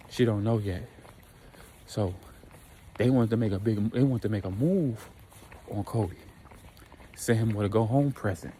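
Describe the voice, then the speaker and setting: Mellow-voiced man telling a story casually. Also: lowish voice, fairly even intonation, moderate pace, pauses often, slight background noise, low-quality recording. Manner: slangy, conversational, retells with quoted voices.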